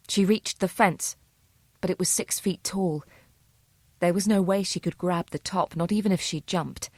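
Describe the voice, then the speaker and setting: Low-voiced woman narrating. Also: no room sound, clean studio sound. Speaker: audiobook narrator. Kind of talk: scripted narration of a thriller.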